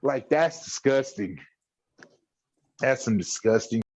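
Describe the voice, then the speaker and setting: A man's voice: medium pitch, takes it slowly, no echo. Podcast co-host, man, middle voice, rambling storyteller who swears freely, dull lo-fi audio. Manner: animated storytelling, profane, trails off into fillers. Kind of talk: casual chat.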